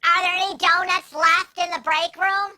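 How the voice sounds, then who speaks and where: A man's voice: very high voice, little pitch movement, normal speed, pushed and bright, pitched above the performer's own voice, heavily acted. A man voicing a bored, lazy female office clerk who whines and chats across the office. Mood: bored whiny. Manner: whiny, distracted, chatting across the office.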